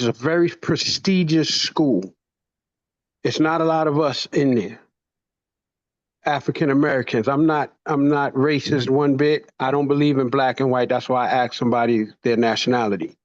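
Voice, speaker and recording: A man from New York, telling stories in an animated, playful way and acting out the dialogue. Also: mid-range voice. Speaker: motivational speaker. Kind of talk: storytelling talk. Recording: dull lo-fi sound.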